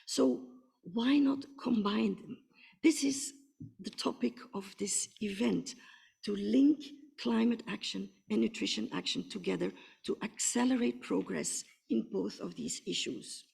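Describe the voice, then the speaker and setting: Hoarse woman moderating in a reverberant hall. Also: medium pitch, unhurried, darkish tone. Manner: hesitant, with frequent fillers. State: rough, hoarse voice. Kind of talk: opening remarks at a conference side event. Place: large conference room. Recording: long reverb of a large hall.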